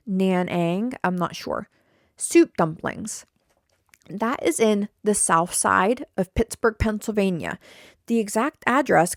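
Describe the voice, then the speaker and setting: A woman's voice: mid-range voice, no echo, studio quality. A young woman hosting her own podcast alone, talking casually and bluntly with lots of repeated words, swearing and mock quotes. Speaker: podcast host. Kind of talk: casual solo podcast chat. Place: home attic podcast studio.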